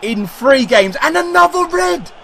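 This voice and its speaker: Excitable young Englishman yelling at a game. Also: extremely high pitch, a little slow, creaky. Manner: excitable, swears, shouts at players. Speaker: gaming commentator. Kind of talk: live game commentary.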